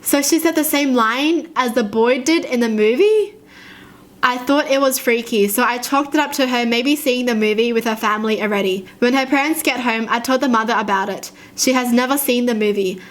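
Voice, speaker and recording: A woman hosting a reaction video, reading short stories aloud and commenting on them in an expressive, chatty way. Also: a little high, normal speed. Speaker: reaction channel host.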